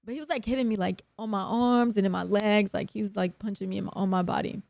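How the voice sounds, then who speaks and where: On a live stream, a young woman tells a story casually and animatedly, swearing and acting out other people's lines. Her mid-range voice is fast and gravelly, with slight background noise.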